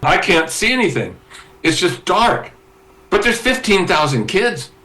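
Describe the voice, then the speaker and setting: A man telling a story as a guitarist guest in an interview, animated, with restarts and fillers. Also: high-pitched, unhurried, poor audio. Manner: animated storyteller, acting out quoted voices.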